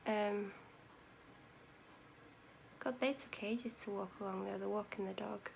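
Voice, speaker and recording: A woman's voice: medium pitch, fairly even intonation, a little slow, gravelly, a little hiss or hum. A tired woman vlogging in casual, meandering chat, correcting herself and sometimes dropping almost to a whisper. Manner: meandering, self-correcting, drops to near-whispers at times. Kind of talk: casual rambling vlog chat.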